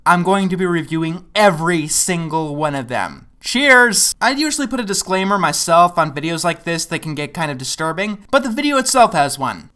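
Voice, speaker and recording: A man's voice: sits high, expressive, a little fast, few pauses, bright, forceful tone. Sarcastic ranting male reviewer. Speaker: animation reviewer. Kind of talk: comedic review narration.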